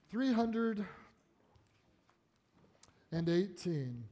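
A male pastor preaching and praying to his congregation in an earnest sermon style, swelling to emphatic peaks and dropping low. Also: sing-song, takes it slowly, long pauses, mellow. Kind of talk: sermon with prayer. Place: church sanctuary. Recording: long reverb of a church hall.

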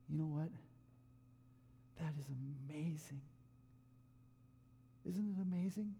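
A male preacher telling a story in a sermon, animated and acting out the quoted lines. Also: on the high side, slow, creaky, pauses often, in a large hall, slight background noise. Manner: animated retelling with acted quotes.

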